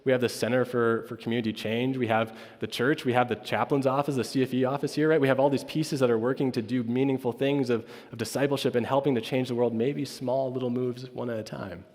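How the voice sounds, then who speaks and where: A man's voice: medium pitch, fairly even intonation, fast talker, few pauses, darkish tone. A man, a campus pastor, telling a personal story at chapel in a casual way, often asking "right?" and acting out what others said. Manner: storytelling with frequent "right?" asides; acts out quoted dialogue. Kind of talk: informal chapel talk. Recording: long hall reverb.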